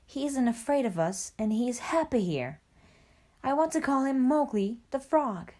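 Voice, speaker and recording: A woman's voice: high voice, sing-song, moderate pace, mellow, pitched above the performer's own voice. Mother Wolf, a woman playing a brave wolf mother. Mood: tender. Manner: bold, protective. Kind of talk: storybook reading.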